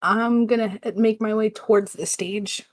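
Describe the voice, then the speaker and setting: A woman talking casually as a player in a tabletop game, quick and a little hesitant. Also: medium pitch, fairly even intonation, dry recording.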